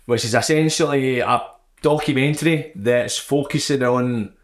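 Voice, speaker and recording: A man's voice: medium pitch, moderate pace. A Glaswegian man hosting a podcast in casual chat, full of crude jokes and swearing. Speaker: podcast host.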